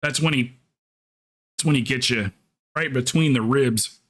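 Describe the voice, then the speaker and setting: A man's voice: mid-range voice, unhurried, a bit bright. Joking, rambling male streamer. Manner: rambling, joking, swears freely. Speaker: game streamer. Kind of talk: casual live-stream chat.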